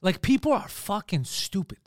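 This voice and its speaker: A man hosting a comedy podcast, telling a story in an animated, profane way and acting out shouted arguments. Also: high voice, moderate pace, no echo.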